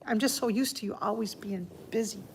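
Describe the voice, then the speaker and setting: A woman hosting a casual livestream from home, chatting softly and heartfelt while answering viewers by name. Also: mid-range voice, fairly quick, slight background noise. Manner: soft-spoken and heartfelt. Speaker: livestream host. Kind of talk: casual live-stream chat.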